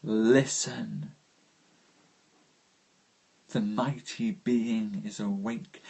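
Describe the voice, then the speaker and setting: Slow, soft-spoken man reading poetry. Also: fairly low pitch, breathy edge. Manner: slow, dreamy recitation with chatty asides to viewers. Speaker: host reading poetry aloud. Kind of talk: live-streamed poetry reading.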